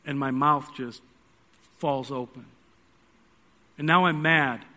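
A man preaching a sermon in a church, telling a personal story earnestly, swinging between loud pleading and hushed, quiet moments. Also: mid-range voice, fairly even intonation, takes it slowly.

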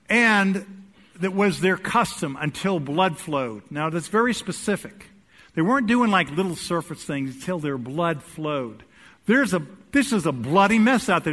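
A man preaching a sermon to his congregation, telling a humorous story and swinging between quiet asides and loud, emphatic peaks. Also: on the high side. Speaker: pastor. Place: church sanctuary with congregation.

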